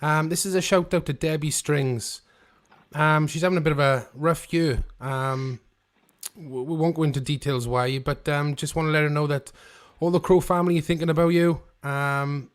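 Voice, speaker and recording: A British man co-hosting a band podcast over a video call, talking in a relaxed, hesitant way with many pauses. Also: on the high side. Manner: relaxed, hesitant, lots of ums. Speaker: podcast co-host. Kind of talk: casual chat.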